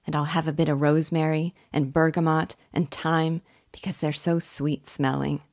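Playful young country daughter, coaxing and affectionate, read by a woman with a low voice. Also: normal speed. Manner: lively, coaxing talk.

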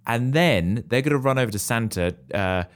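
A man, co-hosting a casual chat, excitable and given to wild guesses and sudden high exclamations. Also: normal speed. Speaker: podcast co-host.

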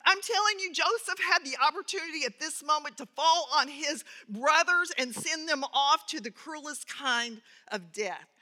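A woman's voice: high-pitched, moderate pace, few pauses, sharp tone. A woman teaching a Bible lesson who tells an anecdote, reads scripture aloud and adds earnest commentary. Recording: reverberant hall.

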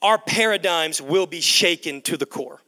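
Bright high-voiced preacher in a hall. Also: male voice, normal speed. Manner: repetitive emphatic preaching, addresses crowd as guys. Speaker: pastor. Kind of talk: sermon. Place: large church hall. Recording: long echo of a large hall.

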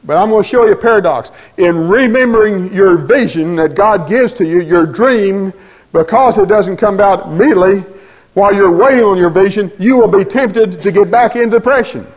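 A man's voice: high-pitched, normal speed, poor audio. A man preaching a sermon in a folksy storytelling way, acting out conversations.

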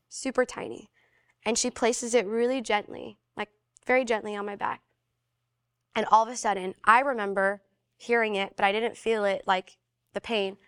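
Young adult woman, slightly high voice, casual and animated storytelling guest, heavy on "like". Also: clear, resonant tone. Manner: animated, fillers of "like", acts out quoted voices. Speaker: guest sharing a personal testimony.

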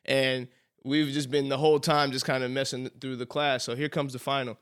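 A man co-hosting a podcast with a Southern US accent, telling a college story in casual chat, animated and quick to laugh. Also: medium pitch, smooth. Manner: animated storyteller, laughs often, says "bro". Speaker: podcast co-host.

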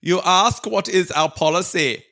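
A man's voice: sits high, unhurried, bright, forceful tone, pitched above the performer's own voice, exaggerated voice. A man voicing a pompous older male wartime orator with a mock German accent, declaiming a speech in grand, rising tones.

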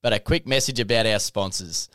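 Smooth-voiced podcast host. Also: male voice, lowish voice, a little fast, a bit bright, no room sound, studio quality. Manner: friendly, easygoing, Aussie slang. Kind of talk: casual interview.

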